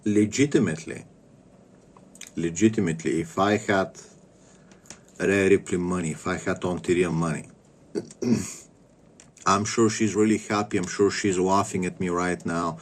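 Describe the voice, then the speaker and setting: A man's voice: deep voice, steady tone, moderate pace. A man in his thirties from Bulgaria, ranting casually in a crude, rambling way with stammered repeats. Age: 30s. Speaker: vlogger. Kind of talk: casual rant.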